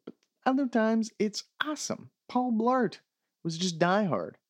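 A man's voice: high voice, animated, unhurried, no room sound. A man hosting a comedy podcast, reading listener emails aloud and answering them with sarcastic, profane mock rants. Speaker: podcast host.

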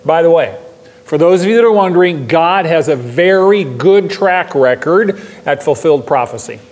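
Man preaching in a church, emphatic and repetitive, fairly high voice, long hall echo. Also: animated, moderate pace, a little mellow. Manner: emphatic, repeats key lines for stress. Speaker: pastor. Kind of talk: sermon.

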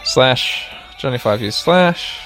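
A man's voice: medium pitch, lively intonation, slow pace, fairly bright tone, faint music behind. Chatty man narrating his game playthrough. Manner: chatty, self-mocking, talks to listeners directly, laughs often. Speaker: podcast host playing a video game. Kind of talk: casual let's-play commentary.

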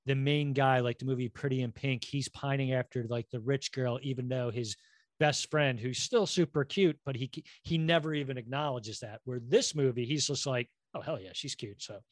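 A middle-aged man co-hosting a podcast in casual chat, quick with asides and jokes. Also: medium pitch, no echo, clean studio sound. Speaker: podcast co-host.

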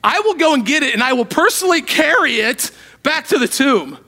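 A man's voice: extremely high pitch, very animated, a little fast, pushed and bright, voice pushed up, full character voice. A man voicing a desperate, grieving woman at a tomb as he retells a scripture passage in a sermon, his tone urgent and pleading.

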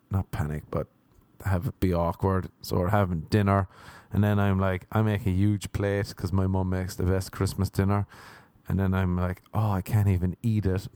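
A young Irish man telling a comic personal story, animated, jumping into high voices to act out what people said. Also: dry recording. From Ireland. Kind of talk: comic anecdote.

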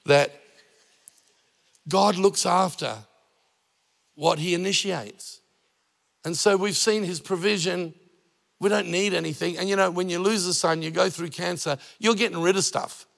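Gravelly pastor preaching. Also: male voice, high-pitched, fairly bright tone, in a large hall. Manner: conversational preaching with jokes and acted-out anecdotes. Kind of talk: sermon.

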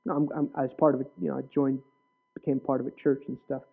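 A male preacher giving an earnest personal testimony in a sermon, with sudden loud bursts. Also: medium pitch, little pitch movement, fast talker, creaky, husky. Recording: tinny phone-like sound.

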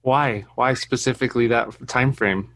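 A man's voice: medium pitch, moderate pace. Profane, storytelling father on a podcast. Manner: profane, animated anecdote-telling. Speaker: podcast co-host; father of a toddler. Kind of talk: casual chat.

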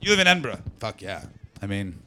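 A man's voice: lowish voice, big pitch swings, fast. A man from Canada doing stand-up crowd work, brash and profane as he teases the audience. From Ottawa Valley, Canada. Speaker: stand-up comedian.

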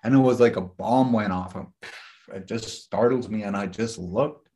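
Earnest, rambling man with a lowish voice. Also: moderate pace, warm tone, slight background noise. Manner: rambling, earnest, frequent "you know" and restarts. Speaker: spiritual teacher leading a group session. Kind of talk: casual teaching talk with personal stories.

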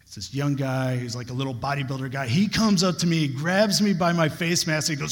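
A man's voice: medium pitch, lively intonation, moderate pace. A young adult man preaching a sermon, telling a personal story with earnest, building emphasis. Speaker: pastor. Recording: long hall reverb.

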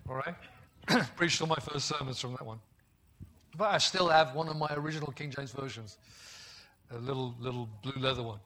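Man, high-pitched, preaching a sermon, emphatic, puts questions to the congregation, middle-aged. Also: a bit bright. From West Midlands, England. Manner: emphatic, repeats key phrases, asks the congregation questions.

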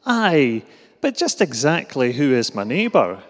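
A man's voice: medium pitch, very animated, a little slow. A man with a Glasgow accent voicing a keen, blunt lawyer in a comic Bible story. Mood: eager. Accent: Glaswegian. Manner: blunt and eager. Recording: reverberant hall.

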